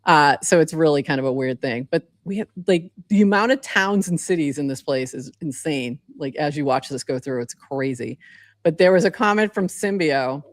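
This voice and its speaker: Chatty, low-voiced woman co-host. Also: animated, normal speed, dry recording. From southeastern Massachusetts. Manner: rambling, chatty, many fillers. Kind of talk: casual podcast chat.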